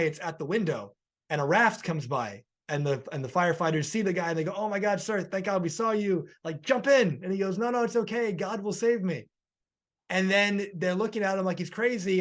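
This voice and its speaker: Man, podcast host, high voice, animated storyteller, conversational.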